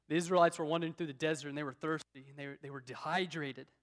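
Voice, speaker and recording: A man's voice: fairly high pitch, level tone, fast talker, few pauses. A man preaching a sermon, telling Bible stories dramatically and acting out the voices of the people in them. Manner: dramatic storytelling, acts out biblical speakers. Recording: long hall reverb.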